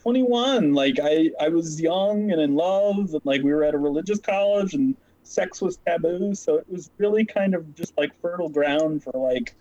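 Interviewed as a social worker, a man casually rambles through his story, packing in "like" and "um" fillers and quick asides. His voice is fairly high-pitched with a dark tone, and the recording sounds muffled.

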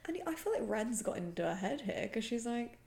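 Creaky-voiced woman podcast co-host. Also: on the high side, sing-song, a little fast, darkish tone. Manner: chatty, teasing, acts out quotes. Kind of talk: casual recap chat.

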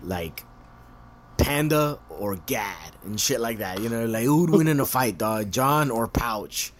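A man casually telling a story, swearing often, laughing and jumping into high voices to quote people. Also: lively intonation, a little slow, slight background noise.

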